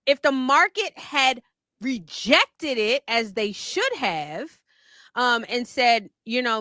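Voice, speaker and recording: A woman talking in a loose panel chat, laughing easily and restarting her sentences. Her voice sits fairly high and sounds bright and clear. The recording is close and dry. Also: slow pace, dry recording. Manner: animated, laughing, many restarts. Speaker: commentator.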